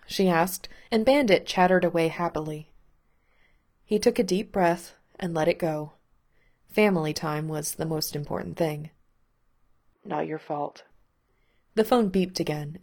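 A woman narrating fiction aloud in a calm, measured, unhurried way. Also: lowish voice.

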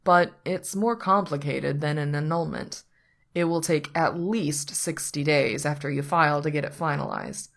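A woman's voice: sits low, sing-song, moderate pace, vocal fry, heavily acted. Woman doing a dry, long-suffering male lawyer. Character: wry, dry male attorney.

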